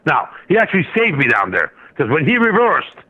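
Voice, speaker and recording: Rambling, animated man on a dull line. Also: a little high, fairly quick. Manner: rambling, with many restarts and asides. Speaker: guest market analyst and trader. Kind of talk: casual radio interview storytelling.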